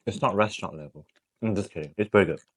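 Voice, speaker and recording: A man from Malaysia talks casually and teases with dry humor. His voice is extremely low. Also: very fast, slightly rough. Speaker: husband tasting food. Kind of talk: casual chat.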